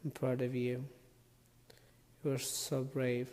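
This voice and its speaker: A man, a YouTube comedian, chatting casually and rambling softly as he reads viewer comments on a live stream. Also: mid-range voice, completely flat delivery, slow pace, in a large hall. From Eritrea. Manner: soft-spoken, rambling, reading viewer comments.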